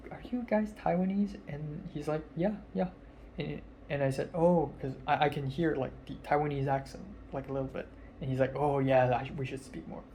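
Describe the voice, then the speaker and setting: Speaking in a slightly high, slightly mellow voice over a little hiss or hum, a nineteen-year-old film student tells a vlog story about going out with friends. The retelling is rambling and casual, packed with fillers and quoted lines.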